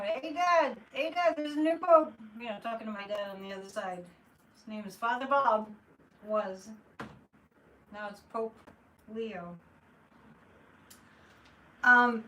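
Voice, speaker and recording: Chatty woman, bright voice, distant mic. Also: on the high side. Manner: chatty, exasperated asides, reads viewer comments aloud. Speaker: psychic livestream host. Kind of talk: casual live-stream chat. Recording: distant mic with faint room noise.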